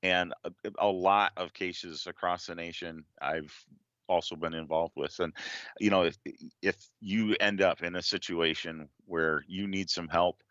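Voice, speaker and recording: A man's voice: sits low, fairly even intonation, unhurried, fairly bright tone, no echo, dull audio. A man speaking as a guest on a live stream, explaining earnestly with frequent fillers. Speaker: guest drone legal advocate. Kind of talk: casual interview talk.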